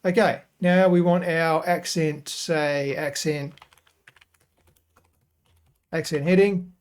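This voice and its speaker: A man hosting a software tutorial, talking casually and thinking aloud as he works through each step. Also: fairly high pitch, fairly even intonation, slow pace, smooth. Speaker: web design tutorial host. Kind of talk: screen-recorded software tutorial.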